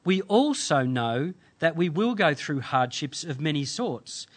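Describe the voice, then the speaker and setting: Preacher guy giving a sermon, kinda high voice, slow earnest phrasing with lots of pauses. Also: sing-song. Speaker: pastor.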